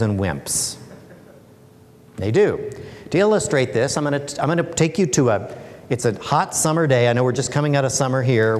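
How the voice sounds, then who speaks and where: A man gives a lighthearted talk to an audience. His pitch sits in an ordinary middle range, and he keeps throwing playful rhetorical questions at the crowd. His voice carries a long reverb from the hall he speaks in. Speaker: guest speaker and author. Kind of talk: humorous presentation talk. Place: lecture hall.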